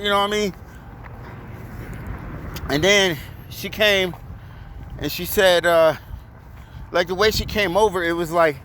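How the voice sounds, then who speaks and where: A man telling a profane, animated story in a casual rant, recorded outdoors. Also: high voice, a little hiss or hum. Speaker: vlogger.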